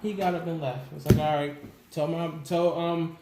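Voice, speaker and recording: A man telling stories as a guest in a casual interview, animated, laughing often and acting out what people said. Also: fairly high pitch, moderate pace. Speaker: musician guest. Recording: echoey room with faint background noise.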